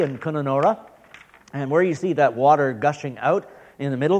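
Canadian man, slightly high voice, earnest preacher's mission talk with jokey asides. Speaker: missionary radio speaker. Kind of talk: church mission presentation.

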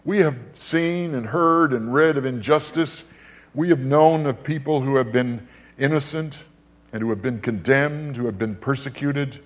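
An older male preacher delivering a sermon in an emphatic, dramatic way. His voice sits in an ordinary middle pitch, but he swings widely between loud, high emphasis and low, hushed phrases, and he often repeats his words for weight. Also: measured pace.

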